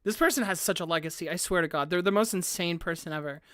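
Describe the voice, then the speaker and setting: A woman's voice: fairly low pitch, quick pace, a bit bright, dry recording, studio quality. A woman streamer chatting casually on a live stream, rambling with lots of "like" fillers and frequent laughter.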